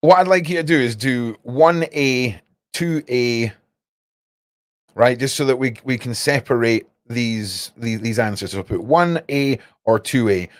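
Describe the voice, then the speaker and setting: A man's voice: medium pitch, a little slow, no echo, clean studio sound. A young man hosting a livestream, rambling casually and talking straight to his chat viewers. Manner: rambling, cryptic, chats to viewers. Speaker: livestream host.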